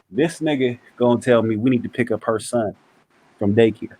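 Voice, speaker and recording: A man telling a story in casual chat, animated and profane, acting out other people's lines. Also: mid-range voice, fast talker, breathy edge. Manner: animated, profane, acts out quotes.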